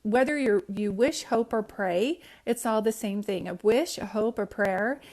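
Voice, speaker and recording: A woman's voice: medium pitch, a little slow, darkish tone. A woman hosting a live-stream psychic reading, talking to viewers in a casual, affectionate way, using pet names and rambling with restarts.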